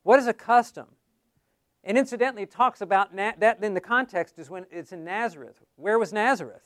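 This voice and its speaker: A man's voice: high-pitched, brisk, fairly bright tone, no echo, clean studio sound. A man teaching a class on how to give Bible studies, in a conversational way that keeps asking the class questions.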